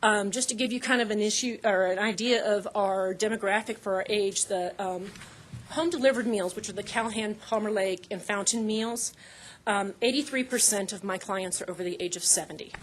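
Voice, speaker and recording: A woman, a nutrition services manager, giving a presentation at a council meeting in a halting way with many fillers and restarts. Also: mid-range voice, slight background noise. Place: meeting room.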